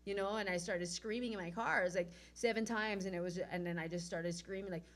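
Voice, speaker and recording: A woman with a Hawaiian accent tells her story with lots of life. She acts out her own past lines, jumping from loud to almost hushed, at a middle pitch. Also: steady tone, quick pace. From Oahu, Hawaii. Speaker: guest. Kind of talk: animated personal storytelling.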